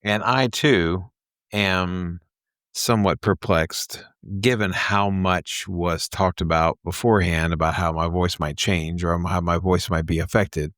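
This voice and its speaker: A man hosting a podcast, with a nasal voice and a Mid-Atlantic accent mixed with a Texas twang. His voice is quieter than usual after surgery, and he talks in an unhurried, reflective way and laughs often. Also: low voice, fairly even intonation, no room sound, clean studio sound. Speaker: podcast host. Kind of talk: casual chat.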